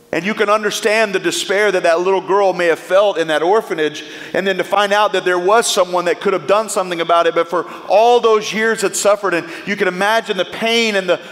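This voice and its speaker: A man's voice: sits high, a bit bright. A man preaching a sermon as pastor, speaking with impassioned, emphatic pleas. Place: church sanctuary. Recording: echoey church hall.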